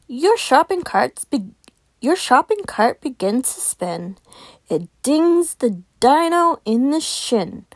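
A woman reading a children's picture book aloud as host of her podcast, expressive and sing-song. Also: high-pitched, slow pace, no room sound. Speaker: children's story reader.

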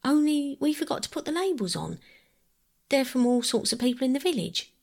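A woman voicing an earnest, bossy young boy who speaks briskly, in a husky, gravelly voice. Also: sits high, big pitch swings, a little mellow, pitched above the performer's own voice, full character voice. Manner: brisk, fierce.

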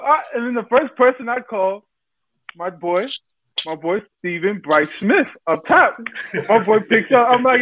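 Male podcast panelist, excitable storyteller, high voice, dull lo-fi recording. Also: moderate pace, a little hiss or hum. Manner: excitable, acts out the voices in his stories. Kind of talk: animated storytelling.

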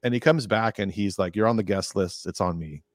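A podcast guest from California with a deep, low voice rambles through long stories in a relaxed interview, his pitch jumping higher each time he acts out someone's words. He speaks briskly, and the recording is dry and close with no room sound.

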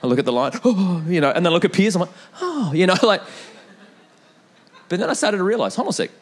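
A young man preaching a sermon in an animated way, with repeated calls to the congregation and storytelling asides. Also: sits high, rapid-fire. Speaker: pastor.

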